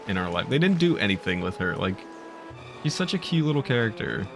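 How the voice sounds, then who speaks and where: A man's voice: lowish voice, sing-song, brisk, gravelly, music in the background. A man streaming a video game live, chatting and rambling casually with viewers.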